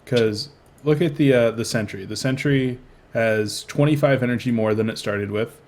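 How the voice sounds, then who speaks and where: A man's voice: medium pitch, normal speed, a little mellow. Young man joking through game commentary. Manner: joking, rambling banter. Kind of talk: casual esports commentary.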